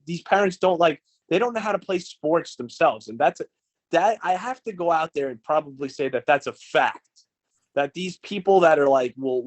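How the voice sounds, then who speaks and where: A man co-hosting a podcast in casual chat, ranting bluntly and swearing a lot. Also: fairly high pitch. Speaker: podcast co-host.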